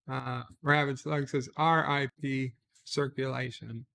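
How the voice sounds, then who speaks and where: A man's voice: mid-range voice, level tone, takes it slowly, creaky, sharp tone, a little hiss or hum. A man hosting a casual live stream, reading viewer comments aloud and answering them offhand, with frequent "uh" hesitations. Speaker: livestream host reading viewer chat. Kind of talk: casual late-night live stream chat.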